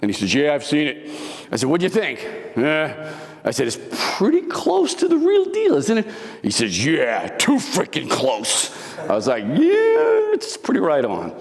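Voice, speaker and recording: A middle-aged man giving a motivational talk to a live audience, telling a dramatic story and acting out the lines he quotes. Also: mid-range voice. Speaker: motivational speaker. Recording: long hall reverb.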